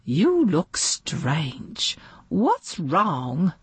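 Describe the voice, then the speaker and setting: A woman's voice: lowish voice, wildly swooping pitch, drawn-out words, husky, no room sound, exaggerated voice. A woman voicing a glamorous, gracious lady dog who is a movie star, speaking in a grand, theatrical way. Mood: concerned.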